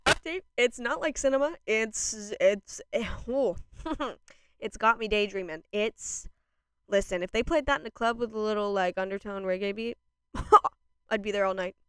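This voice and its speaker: A young woman vlogging a casual reaction to a new album, gushing and laughing, jumping between excited outbursts and quieter asides. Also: medium pitch, normal speed, clean tone, no room sound, clean studio sound.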